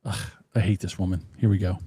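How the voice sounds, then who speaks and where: A man hosting a casual live stream from his home desk, muttering to himself as he fiddles with the software and making blunt, profane jabs. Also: sits low, flat delivery, a little fast, husky, no echo, clean studio sound. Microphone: desk microphone.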